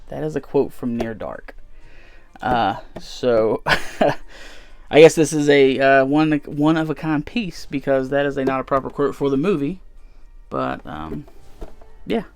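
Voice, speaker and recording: Faint music plays behind a man with a mid-range voice as he talks a little slowly about his convention haul. His vlog chat is casual and rambling, full of fillers, and there's no echo.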